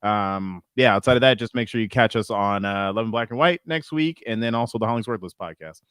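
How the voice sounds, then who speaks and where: A man co-hosting a podcast, a comedian chatting casually in relaxed banter. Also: fairly low pitch, brisk, clear, resonant tone, no room sound, clean studio sound. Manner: laughs often, relaxed banter. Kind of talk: casual chat.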